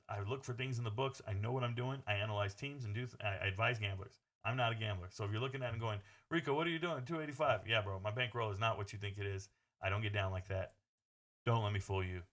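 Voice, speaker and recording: A man's voice: on the low side, fairly bright tone. A man talking through his sports betting picks in a casual, brash monologue, blunt and swearing freely as he addresses viewers as "bro.".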